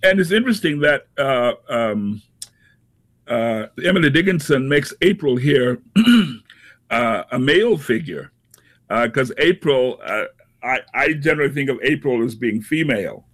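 A man hosting a casual poetry talk, pausing often with many fillers. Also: mid-range voice, animated, fairly bright tone. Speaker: radio poetry show host. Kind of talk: casual chat.

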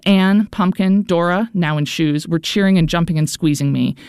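A woman's voice: on the low side, moderate pace, darkish tone, clean tone, dry recording, clean studio sound. A woman narrating a first-person audiobook in an earnest, anxious inner-monologue manner.

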